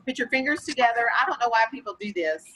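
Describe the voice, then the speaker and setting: A woman teaching young children in a classroom, patiently asking questions and slowly explaining vocabulary. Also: a little high, expressive, a bit bright, slightly rough, low-quality recording. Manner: patient, questioning, slow and encouraging. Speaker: elementary school teacher. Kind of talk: classroom lesson.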